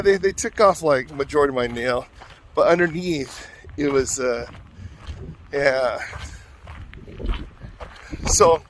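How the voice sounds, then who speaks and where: Man, casual vlog talk, fairly high voice, chatty, self-mocking, faint background noise. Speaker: vlogger. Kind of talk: casual rambling storytelling.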